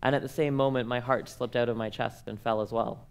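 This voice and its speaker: A man's voice: mid-range voice, steady tone, fairly quick, vocal fry, clear, resonant tone. A young man, speaking at a workshop and telling comic personal stories in a playful, self-mocking way, acting out the dialogue.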